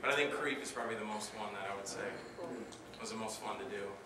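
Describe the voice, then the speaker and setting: A man answering audience questions at a convention panel, telling animated stories and acting out the dialogue with loud outbursts. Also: on the low side, quick pace. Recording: roomy hall, distant mic, noisy.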